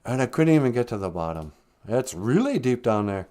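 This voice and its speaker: A man voicing an eager, excitable little male mink who talks breathlessly. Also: mid-range voice, a little fast, natural voice.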